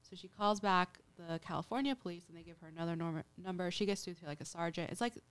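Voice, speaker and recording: A woman's voice: lowish voice, fast talker, clean tone. A woman hosting a casual podcast, retelling a true-crime case in a chatty way with lots of "like" and acted-out quotes. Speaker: podcast host.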